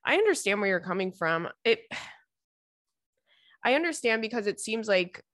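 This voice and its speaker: A woman's voice: medium pitch, very animated, moderate pace, a bit bright, no room sound, clean studio sound. A young woman hosting a podcast, chatting casually and rambling through listener messages with lots of fillers. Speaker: podcast host.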